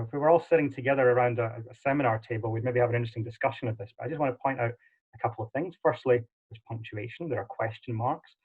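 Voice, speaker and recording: A man giving an online livestream lecture in a chatty way, with frequent ums and uhs. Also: mid-range voice. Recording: tinny phone-like audio.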